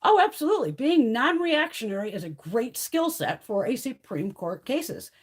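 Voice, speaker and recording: Husky, lively-voiced woman in her fifties. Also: on the high side, normal speed. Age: 50s. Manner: blunt, profane, animated. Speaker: beauty livestream host. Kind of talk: casual live-stream chat.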